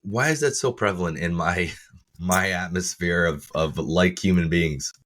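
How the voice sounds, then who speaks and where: A man's voice: sits low, a little slow, fairly bright tone. A middle-aged man co-hosting a podcast, teasing and wry, laughing often in casual chat. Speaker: podcast co-host.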